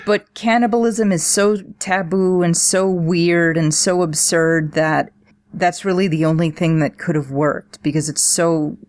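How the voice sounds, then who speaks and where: Low-voiced woman discussing satire. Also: a little slow. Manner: animated analytical talk. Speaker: podcast co-host. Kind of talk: casual podcast discussion.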